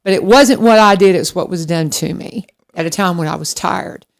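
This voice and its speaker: Woman, radio co-host, casual chat, animated storytelling, self-deprecating, talks to listeners. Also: on the low side, normal speed, vocal fry. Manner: speaks straight to listeners.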